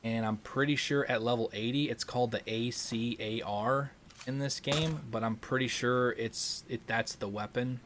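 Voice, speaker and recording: Young male streamer, casual and loose, fillers and restarts, even middle voice over a faint hum. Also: mid-range voice, moderate pace. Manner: relaxed, rambling, frequent ums and restarts. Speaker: gaming livestream host. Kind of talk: casual livestream chat reading super chats.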